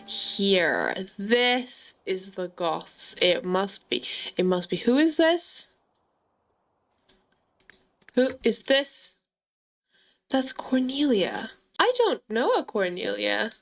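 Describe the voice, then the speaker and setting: A woman giving chatty, excitable gameplay commentary and talking straight to her viewers. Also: medium pitch, takes it slowly, creaky, pauses often. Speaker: gaming channel host.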